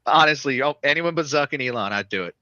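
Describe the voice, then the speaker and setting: A man's voice: mid-range voice, quick pace, no echo, highs cut off. A man with a country Southern accent, chatting on a live stream with lots of laughter and swearing. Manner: laughing, animated, profane. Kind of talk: casual banter.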